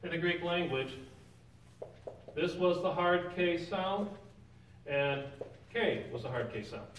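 A man leads a church Bible class in a relaxed, conversational way, stopping to quiz the people in the room. His fairly high voice rings around a big sanctuary. He sounds distant from the mic, with a faint hiss under the recording. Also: takes it slowly. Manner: conversational, quizzes the class with questions. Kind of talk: informal Bible lesson. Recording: roomy echo, picked up from a distance.

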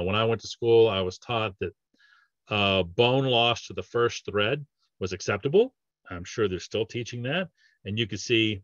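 In a dry recording with the highs cut off, a dentist with a lowish voice goes over patient cases for a relaxed training webinar. His delivery is chatty, packed with fillers and false starts.

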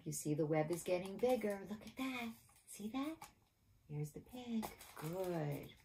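A woman hosting a children's storytime, reading a picture book aloud in an animated, coaxing sing-song way. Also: fairly low pitch, a little slow, vocal fry, a little hiss or hum.

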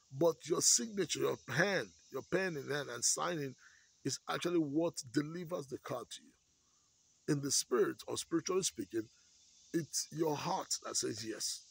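Gravelly-voiced man preaching conversationally. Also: a little high, rough recording. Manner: conversational preaching with frequent "okay?" check-ins. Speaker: pastor. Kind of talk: sermon.

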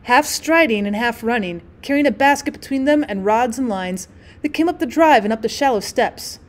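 A woman teacher narrating a classic short story as an audiobook, in a measured, expressive way. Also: on the high side. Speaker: teacher reading aloud.

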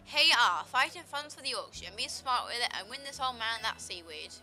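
A hearty, drawling old man who loves his seafood and calls everyone kid, voiced by a woman in an odd put-on accent. The voice sits high and sounds very bright and sharp. Faint music plays behind it. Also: animated, a little fast. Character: folksy old man gym leader, boastful seafood lover. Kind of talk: gameplay voice-over of game dialogue.

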